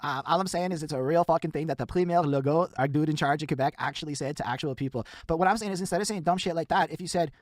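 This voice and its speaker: A man hosting a casual interview, talking fast and excitedly with lots of swearing. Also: fairly high pitch, no room sound. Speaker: podcast host.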